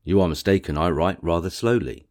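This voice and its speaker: A proud, reserved gentleman, read by a man in an audiobook, answering in dry, measured, exact phrases. His voice is very deep and low. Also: lightly acted. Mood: cool. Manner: dry, measured, coolly precise.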